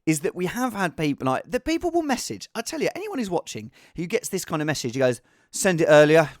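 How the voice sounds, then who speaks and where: A man hosting a comedy podcast, talking animatedly and swinging between shouting and mumbling. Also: sits high, wildly swooping pitch, fast talker, dry recording, clean studio sound. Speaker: podcast host and impressionist. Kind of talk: casual comedic monologue.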